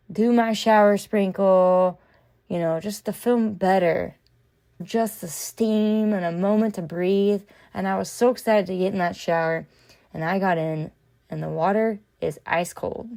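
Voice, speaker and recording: A woman's voice: medium pitch, vocal fry, darkish tone. A woman hosting a reflective solo podcast, speaking earnestly and heartfelt, addressing her listeners as friends. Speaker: podcast host.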